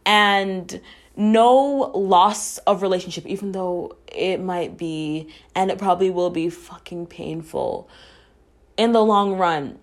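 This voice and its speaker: A woman's voice: fairly low pitch, steady tone, slow pace. A young woman hosting a podcast, talking earnestly and reflectively, swearing casually, and at times emotional. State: emotional, near tears at times. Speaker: podcast host. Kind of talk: reflective personal talk.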